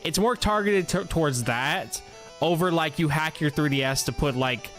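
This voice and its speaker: A man's voice: a little high, moderate pace, a bit bright, soft background music. A young man streaming a game, chatting casually and telling a long, profane, rambling story to his viewers. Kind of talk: casual live-stream chat over gameplay.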